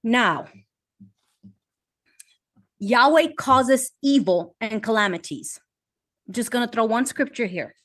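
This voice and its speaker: A woman's voice: a little high, expressive, slow pace, pauses often, fairly bright tone. A woman on an online panel discussion who reads scripture aloud and gets heated and emphatic as she argues.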